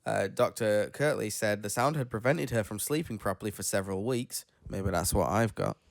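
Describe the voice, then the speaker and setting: Guy, kinda low voice, tired and rambly, reading news on a podcast, dry close mic. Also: normal speed, creaky, dry recording. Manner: rambling, self-deprecating, stumbles over names. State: tired after being ill. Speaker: podcast host. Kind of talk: casual chat, reading news stories aloud.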